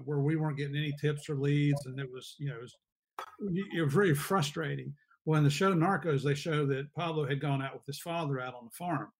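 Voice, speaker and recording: A man speaking as an interview guest over a video call, telling stories in a lively way. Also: fairly high pitch. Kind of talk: casual interview talk.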